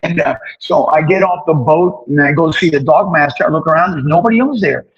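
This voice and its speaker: An older man, an interview guest, telling stories from his past in a casual, animated way and acting out the dialogue. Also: a little high, fairly quick, lo-fi sound. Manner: animated storyteller who acts out dialogue.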